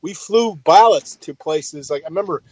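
Blunt vet guy, kinda high voice, dull muffled audio. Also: lively intonation, moderate pace, a little mellow, no echo. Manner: blunt, emphatic, swears. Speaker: podcast co-host, military veteran. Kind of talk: casual chat.

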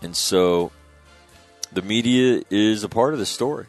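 Man, middle-aged, very deep voice, loose rambling storytelling, faint music underneath. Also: unhurried. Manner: rambling, conversational, frequent fillers and restarts. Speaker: guest recalling his father. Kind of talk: casual spoken storytelling.

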